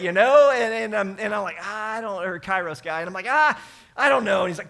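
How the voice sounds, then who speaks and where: A man's voice: high-pitched, fairly quick, vocal fry, pushed and bright. A man in his thirties preaching a sermon, telling stories animatedly with emphatic repetitions. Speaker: pastor.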